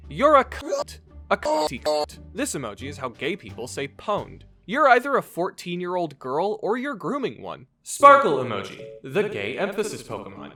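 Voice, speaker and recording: Sarcastic man roasting in lively swings. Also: fairly high pitch, moderate pace, few pauses, no room sound, soft background music. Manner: sarcastic roasting, swinging between flat asides and shouts. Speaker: YouTuber. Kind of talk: scripted comedic commentary.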